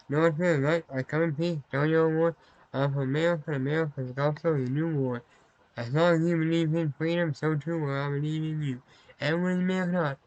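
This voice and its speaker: A boastful American patriot preaches about freedom in an over-the-top drawl, as a man puts him on. The voice is pushed a little higher than normal and stays close and dry. It is a comedic game character. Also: a little mellow, no room sound, natural voice, low-quality recording.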